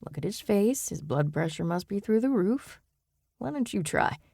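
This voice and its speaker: Woman voicing a calm male officer, soothing, patient, warm low voice, dry audiobook read. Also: normal speed, gravelly, no echo.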